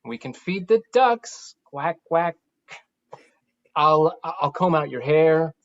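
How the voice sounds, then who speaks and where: An actor playing a caregiver who gently coaxes an elderly woman, in a stage play. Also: medium pitch, expressive, takes it slowly, lo-fi sound. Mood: coaxing. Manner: coaxing, pleading.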